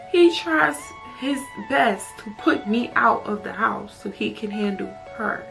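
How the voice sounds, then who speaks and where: A woman tells a personal story in a storytime vlog, emotional and candid, swearing and saying "like" a lot. Her voice is fairly high-pitched and creaky.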